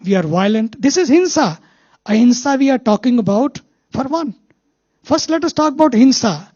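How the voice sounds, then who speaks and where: Husky-voiced spiritual teacher with an Indian accent. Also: mid-range voice, lively intonation, warm tone, no room sound, highs cut off. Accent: Indian English. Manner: storytelling, repeats key phrases slowly for emphasis. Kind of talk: spiritual talk with anecdotes.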